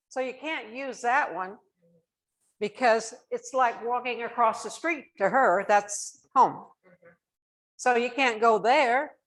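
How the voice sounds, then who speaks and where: A woman's voice: mid-range voice, low-quality recording. An older woman, a nurse, telling families stories from her own life and acting out the dialogue. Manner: warm anecdotal, acts out dialogue. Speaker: nurse and dementia specialist. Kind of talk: storytelling talk to families.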